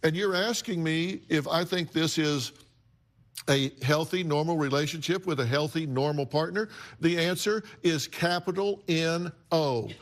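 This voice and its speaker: Blunt, emphatic TV host, slightly high. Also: male voice, unhurried. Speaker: talk show host. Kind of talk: confrontational TV talk show counseling.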